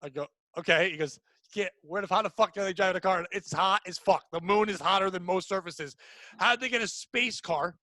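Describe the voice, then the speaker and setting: A man's voice: high voice, a little fast, bright, forceful tone, no room sound, rough recording. A man hosting a comedy podcast, riffing in crude, rambling, mock-outraged bits. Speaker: podcast host. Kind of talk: casual comedy podcast banter.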